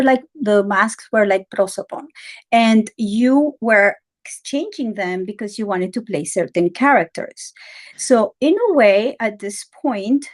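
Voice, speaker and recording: A woman guest speaks at a middle pitch, gentle and lively, explaining ideas with many fillers and restarts. She sounds tender and open. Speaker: interview guest. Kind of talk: casual interview talk.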